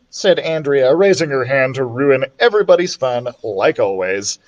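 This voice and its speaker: A man reading a children's chapter book aloud, with an expressive, animated storytelling manner. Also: mid-range voice, normal speed, few pauses. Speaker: children's librarian reader.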